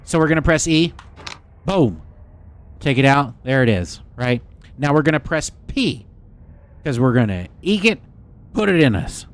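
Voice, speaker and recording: A man streaming live gameplay, chatting excitedly and casually swearing as he talks to his viewers. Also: medium pitch, a little slow, pauses often. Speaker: game streamer. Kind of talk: live gameplay commentary to chat.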